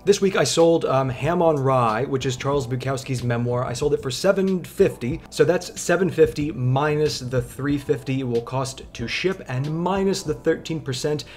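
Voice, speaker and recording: Wry, deadpan man vlogging. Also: medium pitch, moderate pace, few pauses, faint music behind. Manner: dry, wry, deadpan humor. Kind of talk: casual storytelling vlog.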